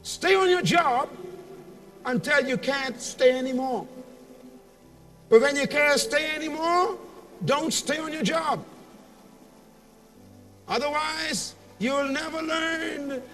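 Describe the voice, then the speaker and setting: High-pitched, slow dramatic male speaker. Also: bright, forceful tone, far from the mic, faint music behind. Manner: dramatic storytelling with call-and-response. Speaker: motivational speaker. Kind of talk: motivational speech to a convention audience. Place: large convention hall.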